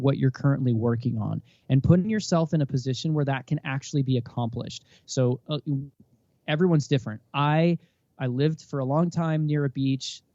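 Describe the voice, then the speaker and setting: A mid-range male voice belongs to a podcast guest in his thirties who tells candid stories in an animated way, acting out lines of dialogue. The sound has no echo and is lo-fi.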